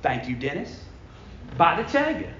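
A man preaching a sermon in a church, emphatic, swinging from loud bursts down to low, quiet lines. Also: very animated, moderate pace, a little hiss or hum. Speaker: pastor. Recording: echoey room, dull lo-fi sound.

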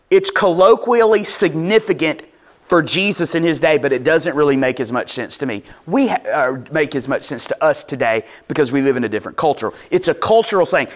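A man with a notably high voice delivers a sermon. He talks in a casual, conversational way and keeps acting out short asides for his listeners. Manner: animated, conversational preaching with acted-out asides. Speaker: pastor.

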